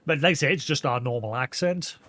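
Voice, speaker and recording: A man's voice: medium pitch, brisk, a bit bright. Chatty Geordie man streaming a game. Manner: rambling and self-deprecating, with frequent "like" fillers. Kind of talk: casual live-stream chat while gaming.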